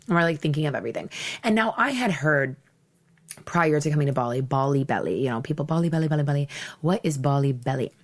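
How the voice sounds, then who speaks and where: A woman's voice: a bass voice, lively intonation, fast talker. A young woman hosting a podcast, telling a personal travel story in a blunt, theatrical, candid way with frequent laughs. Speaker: podcast host.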